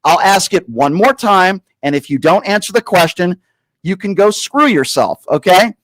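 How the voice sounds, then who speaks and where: Mocking, high-voiced male talk host. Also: lively intonation, a bit bright, a little hiss or hum, rough recording. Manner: condescending, insulting, deliberately slow and repetitive. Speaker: call-in show host. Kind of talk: political call-in talk show.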